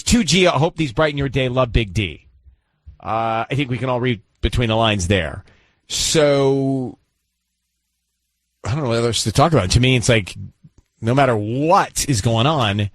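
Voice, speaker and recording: A man's voice: medium pitch, fairly bright tone, no echo. A man hosting a radio talk show, chatting with co-hosts in a joking, teasing way. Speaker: radio host. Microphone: studio microphone.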